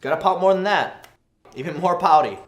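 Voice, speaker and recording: Fast-talking man giving deadpan tips. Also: high voice. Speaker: comedy host. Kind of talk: comedic how-to narration. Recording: echoey room with music behind.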